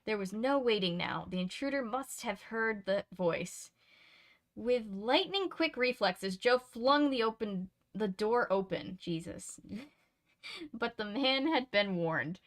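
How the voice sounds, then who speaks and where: Woman reader, mid pitch, plain storybook reading with casual asides and quick restarts. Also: expressive. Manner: chatty asides, laughs and self-corrections. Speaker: reader and channel host. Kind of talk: reading a novel aloud with casual commentary.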